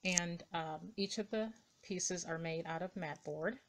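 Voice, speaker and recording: A woman's voice: lowish voice, a little slow. A woman showing her dollhouse rooms in a casual, hesitant narration full of ums and uhs, filmed indoors on a camera mic. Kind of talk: casual show-and-tell narration. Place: indoors beside a dollhouse, camera moved by hand.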